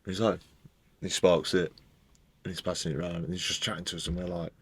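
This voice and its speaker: A man co-hosting a podcast, telling relaxed, rambling anecdotes full of slang. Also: sits low, fast, slightly rough. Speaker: podcast co-host. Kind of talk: casual chat.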